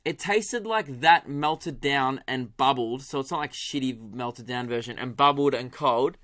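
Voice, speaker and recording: A young Australian man hosting a solo comedy podcast, animated, swearing and laughing as he tells stories. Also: medium pitch, a little slow. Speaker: podcast host.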